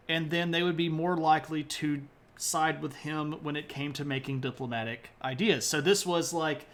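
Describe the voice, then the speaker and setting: A man with a voice pitched a little above the usual lectures on history for a live stream audience. He keeps it loose and chatty, full of "uh"s and asides, joking along and greeting chat viewers as he goes. The tone is a casual lesson, not a formal one. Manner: loose and rambling with many fillers.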